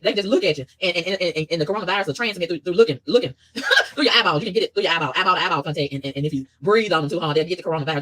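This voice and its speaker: A vlogger delivers a fast, exasperated rant, her pitch jumping and dropping in animated swings. She hardly pauses between complaints in this monologue.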